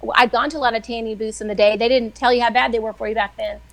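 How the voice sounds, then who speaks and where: A middle-aged woman, a weekly guest who writes devotionals, telling faith stories in a chatty, animated way. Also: fairly high pitch, rapid-fire, creaky. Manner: chatty, animated, acts out quoted voices. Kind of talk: casual faith storytelling on a live show.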